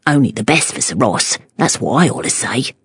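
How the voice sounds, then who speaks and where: Lanigan, a mumbling Cockney fishmonger voiced by a woman, low and gruff, fawning, storybook character, very dry recording. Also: sing-song, normal speed, no echo, full character voice. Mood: sheepish. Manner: mumbling, eager to please. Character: apologetic Cockney male fishmonger, meaty-faced and fawning.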